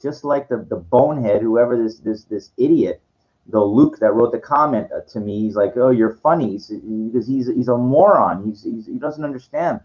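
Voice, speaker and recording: A man's voice: mid-range voice, moderate pace. A man ranting at a viewer in a condescending, lecturing way, stumbling and restarting his sentences. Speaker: vlogger answering viewer comments. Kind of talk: ranting monologue to camera. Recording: dull lo-fi sound.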